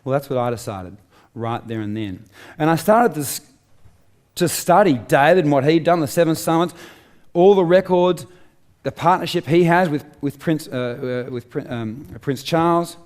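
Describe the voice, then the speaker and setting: A man's voice: a little high, expressive, moderate pace, a little mellow. A middle-aged Australian man giving a live motivational talk on stage, driving his points home with rhetorical questions and emphatic repetition. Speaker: motivational speaker. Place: on stage before a live audience.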